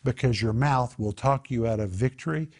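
A man's voice: mid-range voice, moderate pace, a little mellow. A man teaching a Bible study in an emphatic way, repeating his key phrases.

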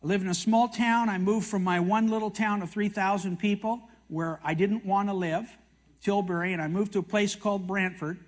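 An older man from Canada tells his testimony as a sermon, with a high voice. His manner is folksy and self-mocking. He mixes in acted quotes from other people. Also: steady tone, normal speed. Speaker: TV prophecy teacher speaking at a meeting.

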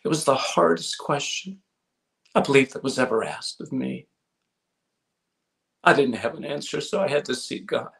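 A man's voice: mid-range voice, moderate pace, gravelly, long pauses, fairly bright tone. A man preaching, telling a story in an earnest sermon style and repeating emphatic phrases.

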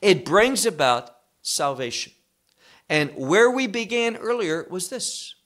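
A man's voice: high voice, animated, slow, fairly bright tone. A man giving a Bible teaching, emphatic and posing rhetorical questions he then answers.

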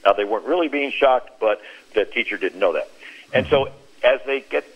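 The muffled, lo-fi audio sounds like a radio broadcast: a man on a Christian talk show telling stories at a moderate pace. His voice is middling in pitch and slightly husky, and he livens things up by acting out what people said.

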